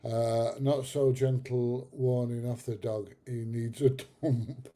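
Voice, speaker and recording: A middle-aged man hosts a relaxed livestream, talking slowly in a mellow, mid-range voice with a level tone. He chats with viewers, laughs at his own stories, and swears now and then.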